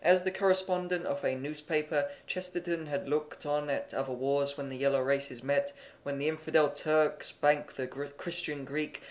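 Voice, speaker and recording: Male amateur audiobook narrator, plain and measured, with a somewhat high voice. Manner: plain, measured reading with occasional stumbles.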